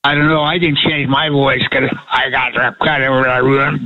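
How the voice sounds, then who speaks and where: Old guy in his eighties calling in, kinda flat pitch, friendly and rambling, phone line sound. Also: normal speed. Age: 80s. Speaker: caller. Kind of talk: phone call to radio show.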